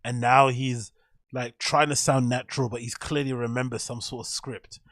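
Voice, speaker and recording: A man's voice: mid-range voice, level tone, moderate pace, a bit bright, no echo, studio quality. A man giving rambling, profane reaction commentary as host, laughing often.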